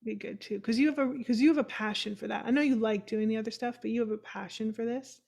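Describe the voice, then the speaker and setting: A woman hosting a casual podcast chat over a video call, chatty, encouraging and quick to laugh. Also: fairly high pitch, fairly even intonation, creaky, a little mellow. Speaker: podcast host.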